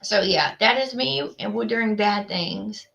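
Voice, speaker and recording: A woman's voice: medium pitch, unhurried, creaky, fairly bright tone, dull audio. A woman, hosting a livestream and chatting casually with viewers, rambling with lots of fillers. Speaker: livestream host. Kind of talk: casual chat with live viewers.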